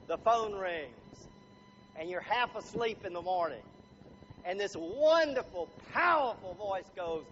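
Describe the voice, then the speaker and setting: High-voiced animated seminar speaker, man. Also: a little slow, slight background noise. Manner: animated, jokey, acts out little scenes. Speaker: motivational speaker. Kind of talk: seminar talk to a live audience. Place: room with live audience. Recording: dull lo-fi recording, faint ambience.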